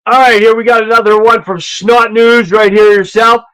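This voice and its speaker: A man hosting a casual livestream, talking loudly and rambling between clips, on an earpiece mic. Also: sits high, little pitch movement, moderate pace, clear, resonant tone, low-quality recording. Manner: loud, rambling, laughs at his own clips. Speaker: livestream host.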